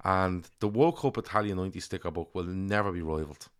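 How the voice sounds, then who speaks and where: A man's voice: deep voice, fast, clear, resonant tone. Chatty man co-hosting a podcast. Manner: chatty, swears, reads listener comments. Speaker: podcast co-host. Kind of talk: casual chat.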